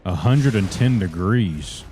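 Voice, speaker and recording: Low-voiced folksy Southern man streaming. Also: animated, slow, warm tone, a little hiss or hum. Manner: folksy, calls viewers brother. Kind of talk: casual live gaming commentary.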